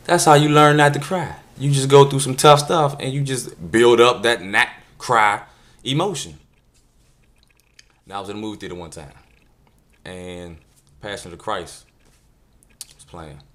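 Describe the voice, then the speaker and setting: A man delivering a jokey comedic video monologue, animated storytelling with deadpan asides. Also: fairly low pitch, normal speed, long pauses. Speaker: comedian vlogger.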